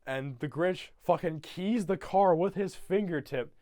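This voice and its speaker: A man's voice: sits high, unhurried, darkish tone, no room sound, studio quality. A young man casually retelling a film from memory, rambling with many fillers and swearing. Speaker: YouTuber.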